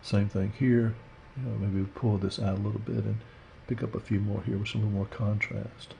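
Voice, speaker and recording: Man, low gravelly voice, relaxed rambling painting tutor, faint hiss behind. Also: moderate pace. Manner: relaxed, rambling, thinks aloud with fillers. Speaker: art instructor. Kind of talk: casual painting demonstration.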